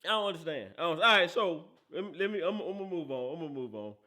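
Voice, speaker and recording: A man's voice: a little high, animated, fast, pushed and bright. A man hosting a casual football talk show, teasing and laughing often, with a habit of asking "right?". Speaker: host.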